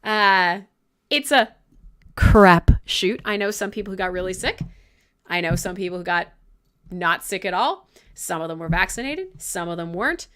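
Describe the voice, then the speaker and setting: A woman's voice: on the low side, animated, moderate pace, fairly bright tone, clean tone. A young woman from Canada hosting a live radio show, with irreverent chat full of jokes, laughter and swearing.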